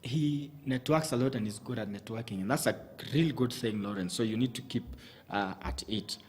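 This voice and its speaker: A man's voice: mid-range voice, moderate pace, darkish tone. Male studio guest, methodical advice giver, breaks his talk into numbered points. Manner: methodical, lists points, frequent restarts. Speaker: communication coach guest.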